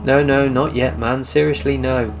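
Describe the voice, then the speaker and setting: A man's voice: medium pitch, fairly even intonation, moderate pace, natural voice. A man reading the lines of a strange, nervous former taxi driver in a video game. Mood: nervy. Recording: game music behind.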